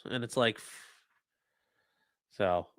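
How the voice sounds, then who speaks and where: A man's voice: lowish voice, extremely slow, fairly bright tone, clean tone, no room sound, clean studio sound. Blunt, profane male stream host. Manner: blunt, profane, mocking asides. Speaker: livestream host and lawyer. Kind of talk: casual livestream commentary.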